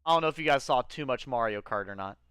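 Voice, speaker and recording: A young man streaming a video game, chatting casually with his viewers, excitable and quick to swear. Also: mid-range voice, clean tone, dry recording. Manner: excitable, swears often, talks to chat. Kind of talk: casual live-stream commentary.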